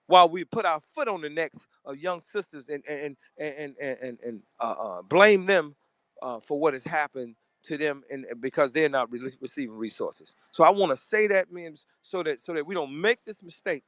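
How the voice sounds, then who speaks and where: A man from Memphis hosting a live online audio discussion, talking forcefully and repeating words as he cuts in to correct others. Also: a little high, no echo. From Memphis, Tennessee. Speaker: host of a live audio room.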